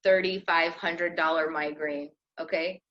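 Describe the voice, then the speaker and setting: Low-voiced woman chatting, lo-fi. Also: fairly even intonation, a little slow, a bit bright. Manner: rambling, frequent fillers and restarts. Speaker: podcast co-host. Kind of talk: casual chat. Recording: slightly dull lo-fi audio with faint noise.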